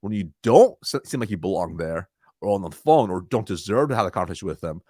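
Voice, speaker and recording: A man answering interview questions about sales calls, energetic, acting out timid and confident voices. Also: fast, dry recording, clean studio sound. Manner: energetic, demonstrates weak and confident tones by shifting his pitch. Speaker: sales consultant, guest.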